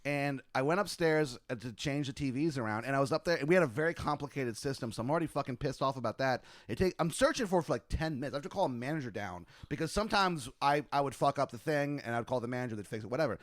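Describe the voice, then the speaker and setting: A man hosting a podcast, chatting casually and telling lively stories from restaurant work, acting out both sides of the exchanges. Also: mid-range voice, fast, few pauses, no room sound, clean studio sound. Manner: animated storyteller, acts out quoted exchanges. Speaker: podcast host. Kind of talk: casual chat.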